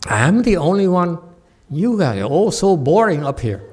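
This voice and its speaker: Animated male dharma teacher. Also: high-pitched, normal speed, slightly rough. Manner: animated storyteller, laughs often, acts out the voices. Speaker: Chan meditation teacher. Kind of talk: dharma talk with storytelling.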